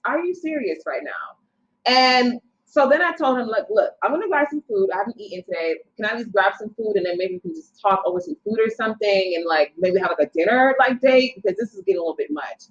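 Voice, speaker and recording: A young woman casually telling a long personal story as a podcast guest, animated and acting out what people said. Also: mid-range voice. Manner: animated, quotes people in her story, quick asides. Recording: slightly dull lo-fi sound.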